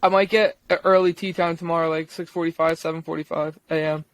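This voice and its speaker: A young man co-hosting a podcast, chatting casually in a relaxed, rambling way with plenty of slang. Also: a little high, fast talker. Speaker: podcast co-host. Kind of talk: casual chat.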